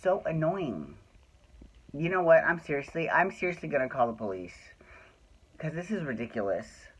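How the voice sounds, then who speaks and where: A woman's voice: sits low, big pitch swings, normal speed, slightly rough, low-quality recording. A woman hosting a soap opera recap podcast, chatting casually at home, swearing freely and ranting with exasperation. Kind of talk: casual venting chat. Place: at home indoors.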